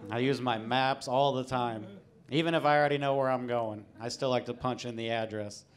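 A man performing a live stand-up comedy set on stage, talking in an offhand, dry way and breaking into silly voices. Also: medium pitch. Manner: offhand, dry delivery broken by sudden silly put-on voices. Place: comedy stage before a live studio audience. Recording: audience laughter behind. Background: crowd laughing.

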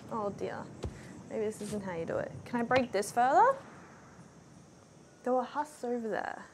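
A woman's voice: a little high, normal speed, long pauses. A woman gives casual, jumpy let's-play commentary and talks to herself as she plays a VR game. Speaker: VR gamer. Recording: noisy, game sounds mixed in.

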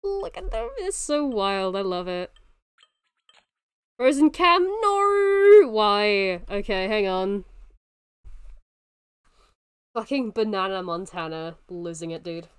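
A young woman in her twenties streaming a game, excitable and laughing often, swearing freely. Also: mid-range voice, slow pace, clean tone, no echo, studio quality. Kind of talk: casual livestream commentary while gaming.

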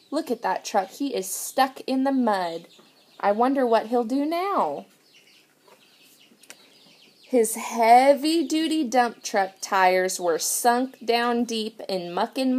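A preschool teacher, a woman, reading a picture book aloud to young children in an animated way and asking them questions. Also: fairly high pitch.

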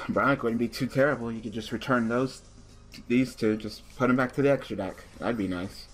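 A man's voice: medium pitch, normal speed, faint music behind. A young man hosting a gaming channel, commenting live on a card game and ranting with heavy swearing when things go wrong. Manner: frustrated ranting, heavy swearing, rising to shouts.

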